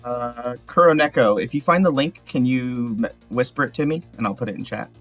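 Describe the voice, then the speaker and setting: A man co-hosting a live stream, making quiet asides. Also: medium pitch, fairly quick, no echo, soft background music. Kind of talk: casual live-stream chat.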